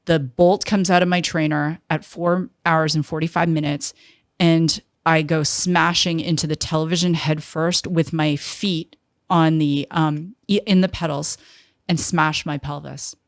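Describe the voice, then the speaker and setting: Low, gravelly-voiced woman telling a story. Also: a little slow, no echo, clean studio sound. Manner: animated storyteller, acts out quoted people. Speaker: guest, entrepreneur. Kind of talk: storytelling in an interview.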